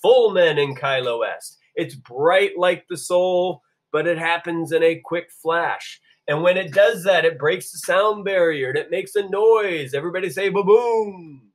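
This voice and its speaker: A man teaching a Latin lesson to a class, asking everyone to repeat phrases and saying the Latin words slowly and clearly. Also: fairly high pitch. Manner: call-and-response, drawing out Latin phrases slowly. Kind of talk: classroom-style video lesson.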